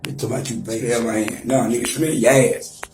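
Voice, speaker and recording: A man's voice: medium pitch, steady tone, fast, faint music behind. Man in his forties ranting roomy. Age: 40s. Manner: loud, taunting, trash-talking, mock-rapping. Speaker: livestreamer. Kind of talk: profane roasting rant on a livestream.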